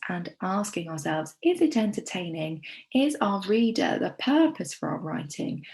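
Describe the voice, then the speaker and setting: An English woman teaching a primary school lesson, with encouraging, clear teacher talk. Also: medium pitch, poor audio. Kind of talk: recorded remote lesson.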